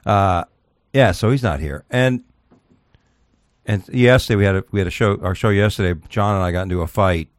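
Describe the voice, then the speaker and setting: A man's voice: lowish voice, moderate pace, no room sound, clean studio sound. A man hosting a podcast in casual chat, rambling and profane as he tells stories. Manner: profane, rambling, animated storytelling. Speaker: podcast host.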